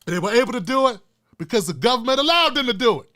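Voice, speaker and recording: A middle-aged man hosting his own online show, ranting with fiery, profane, preacher-like repetition and swinging from hushed asides to shouting. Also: very high-pitched, lively intonation, fast. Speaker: YouTube show host. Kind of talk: impassioned vlog rant.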